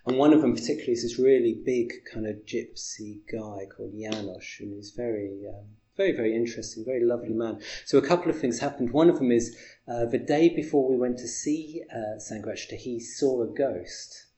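A man tells a story in a loose, halting way, stopping often to restart a thought. His voice is warm and mellow, at a middling pitch. He sounds like he is in an echoey room. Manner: rambling, halting anecdotes with many fillers and laughs. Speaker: interviewer. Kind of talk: casual conversational storytelling.

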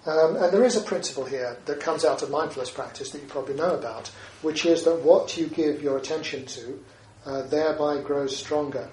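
Man, dharma talk, slightly high voice, chatty with tag questions, distant mic, echoey room, faint background hum. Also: fairly quick, a little mellow. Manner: conversational, with frequent tag questions. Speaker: Buddhist teacher. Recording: roomy echo, distant mic, faint ambience.

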